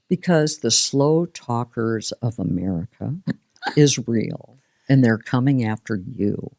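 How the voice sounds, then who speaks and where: A woman's voice: rumbling low, animated, takes it slowly, darkish tone, no echo, clean studio sound. An older woman co-hosting a casual podcast conversation, telling stories expressively and laughing often. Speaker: podcast co-host.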